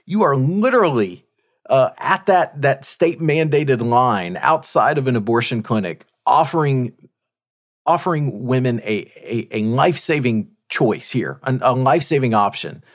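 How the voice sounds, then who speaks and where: A man's voice: medium pitch, expressive, unhurried. A man co-hosting an interview, talking enthusiastically and effusively. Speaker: co-host. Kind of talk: casual interview chat.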